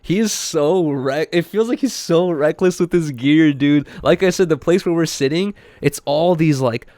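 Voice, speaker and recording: A man's voice: a little high, moderate pace, a little mellow, dry recording, clean studio sound. A young man hosting a podcast, telling a story in a laid-back, slangy way with lots of fillers. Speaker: podcast host. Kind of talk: casual chat.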